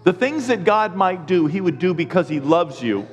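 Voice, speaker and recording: A middle-aged pastor preaches with a lively, acted-out delivery, slipping into the voices of the people and of God in his stories. His voice sits a bit high for a man. The sermon rings with the long reverb of a church hall. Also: normal speed.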